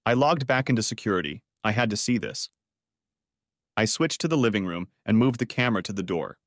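Expressive male audiobook narrator. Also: on the low side, no echo, studio quality. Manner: expressive, dramatic. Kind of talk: first-person story audiobook narration.

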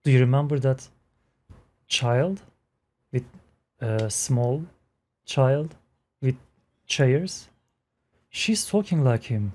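A man hosting a reaction video, excited and laughing as he talks at the screen in casual commentary. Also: mid-range voice, takes it slowly, pauses often. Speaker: reaction channel host.

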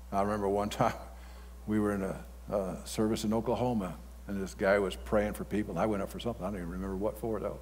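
In a large church hall with a long, echoing reverb, a man pastor delivers a sermon in a folksy, blunt style, breaking into sudden loud outbursts. His voice sits on the low side, and there is slight background noise.

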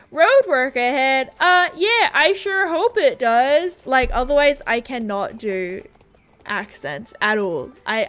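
A woman's voice: fairly high pitch, fairly bright tone. A young Australian woman streaming a game and chatting casually with her viewers. She talks in a bubbly, scattered way, full of "like" and giggles. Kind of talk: casual livestream chat, reading viewer comments.

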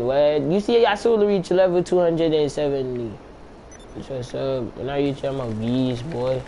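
A man's voice: mid-range voice, unhurried, warm tone, low-quality recording. Young man, casual game commentary, slangy and profane, mid-range voice, faint background hiss. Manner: slangy, profane, talks to himself while playing. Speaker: gameplay commentator.

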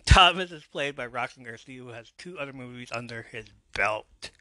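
A man's voice: mid-range voice, lively intonation, moderate pace, bright, forceful tone, dry recording. A man hosting a podcast, casually recapping a TV episode with wry asides. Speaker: podcast host.

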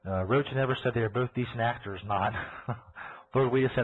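Husky-voiced man ranting on a podcast. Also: mid-range voice, a little fast. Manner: crude, ranting, sarcastic. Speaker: podcast host. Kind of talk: profane live podcast rant. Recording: tinny phone-like audio.

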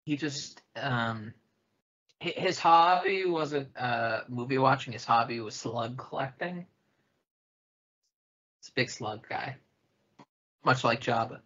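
Bright-voiced playful man, lo-fi. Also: mid-range voice, slow pace, pauses often. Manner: playful, joking, reads quotes with asides. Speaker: podcast co-host. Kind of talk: casual chat, reading reviews aloud. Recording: dull lo-fi sound.

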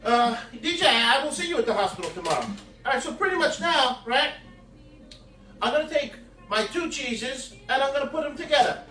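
This cooking-video host has an extremely high, bright, forceful voice, animated and fairly quick, as he rambles and aims crude jokes at viewers. The camera catches him from afar in an echoey home kitchen, faint music playing in the background.

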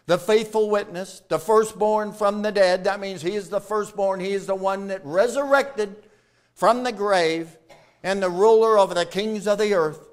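Preaching at a moderate pace, this man swings from forceful, loud statements to hushed, low passages while calling on the congregation to answer. His intonation stays fairly even throughout the sermon.

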